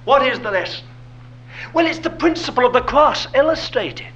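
A man's voice: very high voice, animated, normal speed, fairly bright tone, highs cut off. A man preaching a sermon, asking rhetorical questions and dropping to a whisper for emphasis.

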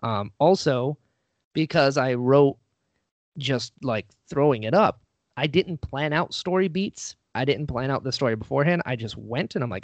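Animated man telling a story. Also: medium pitch, a little fast, creaky, dry recording. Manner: animated, acts out quoted voices, self-deprecating. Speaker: podcast guest, actor and writer. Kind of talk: casual storytelling interview. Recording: dull lo-fi dry recording.

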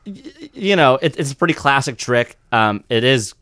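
A man co-hosting a podcast in casual, animated chat who slips into mocking impressions. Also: medium pitch, moderate pace. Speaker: podcast co-host.

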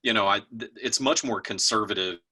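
A middle-aged man from Texas chats easily on a podcast, tossing in "you know" and "right?" as he goes. His low voice is bright and a bit husky. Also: brisk. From Austin, Texas. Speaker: guest, fashion week founder. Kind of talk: casual podcast chat.

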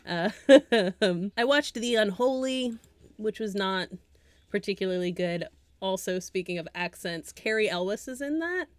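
A woman co-hosting a podcast, chatting casually about films, animated and often laughing as she trails off into asides. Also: mid-range voice, a little slow, no echo. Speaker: podcast co-host. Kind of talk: casual film chat.

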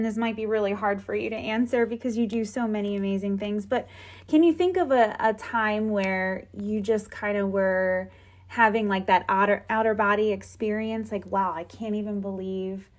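A woman's voice: mid-range voice, steady tone, normal speed. A woman hosting a casual interview, asking questions and offering encouraging affirmations. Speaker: interview host.

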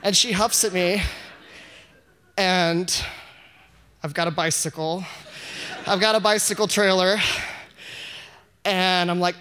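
Animated man telling a live story. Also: sits high, slow pace, pauses often, clear, resonant tone. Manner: animated, self-mocking, laughs often. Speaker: audience member telling a story. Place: live event before an audience.

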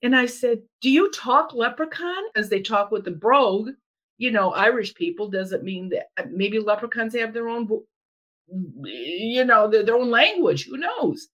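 Animated woman telling a story. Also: fairly high pitch, moderate pace, muffled recording. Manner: animated, acts out quoted voices. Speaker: storyteller guest. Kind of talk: casual chat, telling a story.

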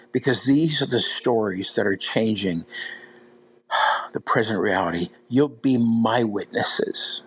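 Man, preacher, husky voice, storytelling sermon, conversational with restarts. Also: mid-range voice, low-quality recording. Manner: conversational, many fillers and restarts.

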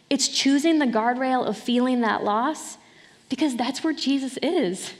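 Earnest and conversational, a middle-aged woman pastor preaches in a high voice at a normal pace, adding light laughs between points. The audio has a big-room sound.

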